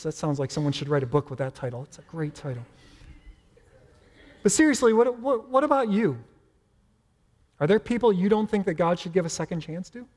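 Male pastor, high-pitched, playful conversational sermon in a reverberant hall. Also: a little mellow. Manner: conversational, playful preaching with asides.

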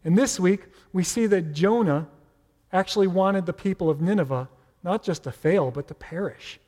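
A man's voice: sits high, normal speed, a little mellow. A man preaching a sermon as pastor, in a conversational, playful way with asides. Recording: reverberant hall.

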